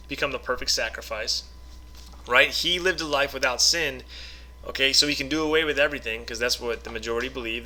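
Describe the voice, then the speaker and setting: Bright, sharp-toned man teaching scripture. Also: mid-range voice. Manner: conversational, keeps checking in with "okay?" and "right?"; reads scripture aloud, then explains it informally. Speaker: online Bible teacher. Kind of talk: casual scripture teaching to camera.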